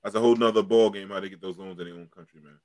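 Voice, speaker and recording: A man hosting a casual podcast chat, joking and animated, with plenty of slang. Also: lowish voice, rapid-fire. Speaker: host.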